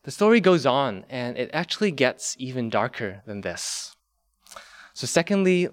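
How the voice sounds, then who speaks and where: A man preaching a sermon, slow and emphatic, repeating key words for weight. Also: mid-range voice, sing-song. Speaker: pastor.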